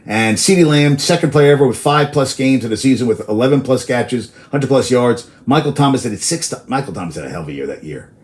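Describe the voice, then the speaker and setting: Casual male sports-talk host, mid-pitched, loose and tangent-prone, swears freely. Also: animated, fast, hardly any pauses, darkish tone. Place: outdoors in New York.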